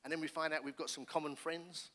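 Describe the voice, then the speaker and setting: A middle-aged man from England, a pastor telling his personal testimony in an animated storytelling manner, with frequent restarts. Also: fairly high pitch, fast talker. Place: church hall. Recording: reverberant church hall.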